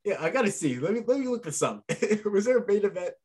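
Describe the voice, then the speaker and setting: A man with a somewhat high voice chats on a podcast, laughing often and getting animated as he talks. His delivery is loose and playful. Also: slightly rough. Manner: giggly, quick to laugh, animated. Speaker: podcast co-host. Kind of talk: casual chat.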